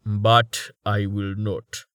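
A man voicing a large, calm male craftsman who speaks slowly and deliberately in a rumbling voice. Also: no room sound, studio quality. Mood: firm.

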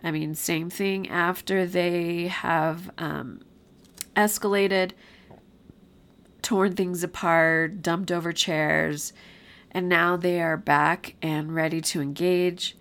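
A woman's voice: lowish voice, fairly even intonation, slow, a bit bright, clean tone. Nasal woman with a cold hosting. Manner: friendly, direct, with fillers like um and you know. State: has a cold. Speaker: podcast host, behavior paraprofessional. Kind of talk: podcast talk, casual teaching.

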